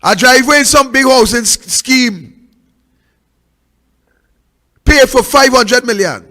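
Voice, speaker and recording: A Trinidadian-accented man hosts a political talk show, preaching impassioned commentary full of repeated rhetorical questions. His very high-pitched voice is slow, swings between loud and hushed, and has a big-room sound.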